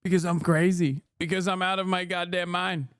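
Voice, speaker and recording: A man reacting to a clip on a livestream, ranting sarcastically and quickly. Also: high-pitched, level tone, fairly bright tone, clear, resonant tone, dry recording, studio quality.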